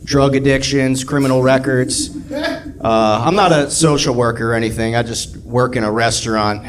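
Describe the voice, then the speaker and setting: A man's voice: medium pitch, normal speed, slight background noise. A man doing a sardonic stand-up routine on a club stage. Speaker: stand-up comedian. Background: audience laughter.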